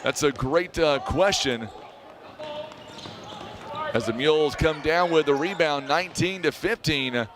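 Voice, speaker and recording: A man with a Southern American accent calling a high school basketball game on local radio, chatty and folksy, reading sponsors and weather between plays. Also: a little slow, pauses often, noisy background. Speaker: play-by-play announcer. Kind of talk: radio sports commentary.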